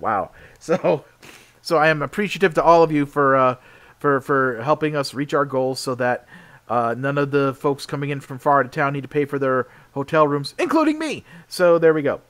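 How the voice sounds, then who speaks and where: A man's voice: fairly high pitch, moderate pace, fairly bright tone. A man co-hosting a casual podcast, chatty and rambling, sleepy and yawning. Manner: rambling, chatty, filler-heavy. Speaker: podcast co-host.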